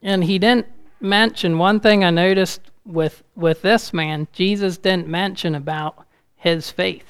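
A man giving an informal, halting sermon, speaking with a gravelly voice that rises loud and urgent at points. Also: high voice, fairly even intonation, no room sound, studio quality. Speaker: preacher.

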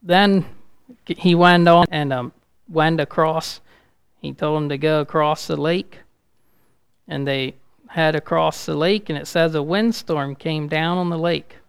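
A man giving an informal, halting sermon, speaking with a gravelly voice that rises loud and urgent at points. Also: fairly high pitch, steady tone, no room sound, studio quality. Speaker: preacher.

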